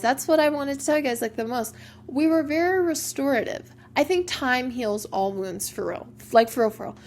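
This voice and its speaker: A woman's voice: on the high side, expressive, moderate pace, a little mellow, a little hiss or hum. A young woman hosting a casual personal podcast, talking openly and emotionally with lots of "like" fillers. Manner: chatty, open and emotional, many "like" fillers. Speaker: podcast host.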